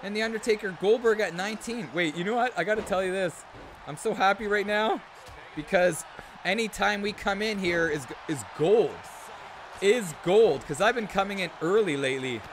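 Chatty, excitable male streamer, middle-aged, high voice, light noise behind. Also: normal speed. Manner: excitable, chatty, reads out viewer comments. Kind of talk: live game stream commentary.

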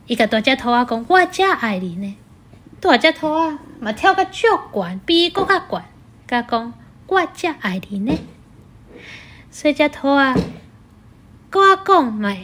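A woman from Taiwan gently retelling a children's story in simple words. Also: on the high side, slight background noise.

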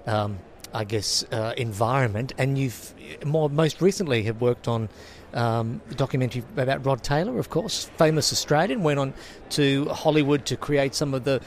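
A man's voice: medium pitch, normal speed, a little hiss or hum. A male radio interviewer asking conversational questions with brief hesitations.

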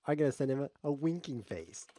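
A man's voice: mid-range voice, animated, fairly quick, mellow, no room sound. A man streaming live chess, commenting on his games in a sarcastic, joking way as he plays. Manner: sarcastic, joking, talks to himself while playing.

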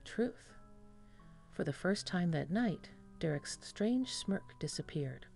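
A woman's voice: lowish voice, animated, unhurried, vocal fry, darkish tone, soft background music. A woman reading a first-person horror story as scripted narration.

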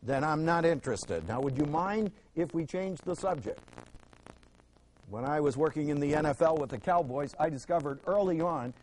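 A man's voice: on the high side, moderate pace, darkish tone, a little hiss or hum, poor audio. A man teaching a Bible lesson to a class, emphatic, asking the class questions and repeating words for stress.

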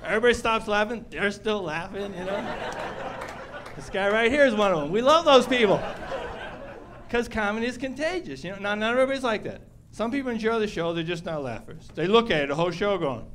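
A middle-aged man doing stand-up comedy on a club stage, animated and acting out the people in his stories. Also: sits high, brisk, noisy background. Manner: animated, acts out characters.

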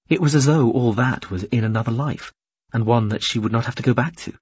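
A man narrating an audiobook in an expressive, varied reading. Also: medium pitch, fairly quick, slightly rough, dry recording, highs cut off. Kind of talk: scripted narration.

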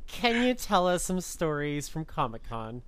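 Giggly podcast host, smooth voice. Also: mid-range voice, very animated, unhurried, fairly bright tone, no room sound. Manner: giggly, laughs between words. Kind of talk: casual interview chat.

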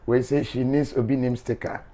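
A man's voice: medium pitch, little pitch movement, brisk, mellow. A man, a show host reading viewer comments aloud in a playful, teasing way with frequent laughter.

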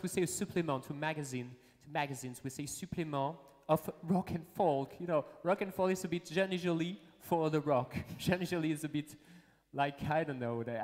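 A man hosting a live show in English with a French accent, rambling and halting, repeating words and laughing often. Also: mid-range voice, echoey room, long reverb tail. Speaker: show host. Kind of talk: casual live show chat.

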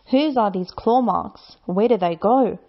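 A woman's voice: medium pitch, unhurried, dull audio, natural voice. A woman voicing a small, curious young female monster cub who sounds brave and wondering, in a sing-song storybook manner.

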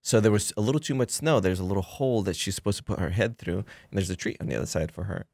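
A man with a fairly low voice tells a lively behind-the-scenes story, stumbling through fillers and restarts. He slips into the voices of people he quotes. The sound is dry and close. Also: fast talker, gravelly, breathy edge, no echo. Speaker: guest filmmaker. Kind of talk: casual podcast chat.

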